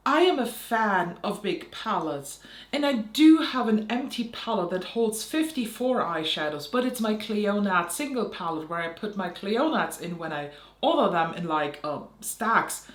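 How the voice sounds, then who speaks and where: A young woman makeup vlogger ranting in a heated, sarcastic way, with frequent swearing. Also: medium pitch. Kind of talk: ranting vlog commentary. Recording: roomy echo.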